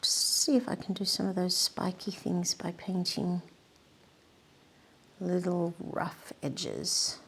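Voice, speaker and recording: A woman giving a painting demonstration, murmuring softly to herself and often dropping to a whisper. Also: on the low side, takes it slowly, a little hiss or hum. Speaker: art instructor.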